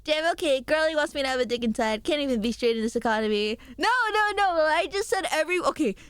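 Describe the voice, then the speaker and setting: A young woman streams and talks casually with her viewers, giggling often. Her voice sits a little high and leaps around with lively swings of pitch. The sound is dry and close, with no room around it. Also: dry recording. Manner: giggly and animated, quick jumps in pitch. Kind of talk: casual chat reading viewer messages.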